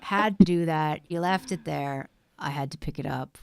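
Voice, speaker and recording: A woman's voice: deep voice, normal speed, vocal fry, darkish tone, no echo. A woman co-hosting a livestream, giving casual, jokey feedback on music with lots of filler words. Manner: chatty and jokey, with many fillers.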